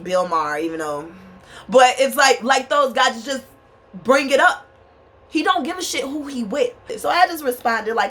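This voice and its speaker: A bit bright and pitched on the high side, her voice comes with a little hiss or hum. The vlogger is in a small bedroom with a fan running, ranting passionately to camera, cursing, angry and emphatic, and calling her viewers y'all.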